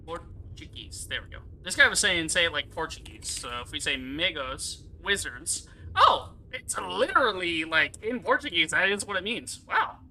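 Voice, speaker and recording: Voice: mid-range voice, lively intonation, normal speed, hardly any pauses, pushed and bright, slight background noise, poor audio. A gaming streamer giving casual live commentary, rambling, swearing freely and laughing often.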